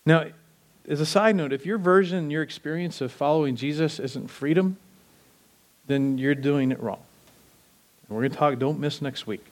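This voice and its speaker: Male pastor, casual animated sermon delivery, voice a bit high. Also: fairly quick. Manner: animated, conversational preaching with acted-out quotes.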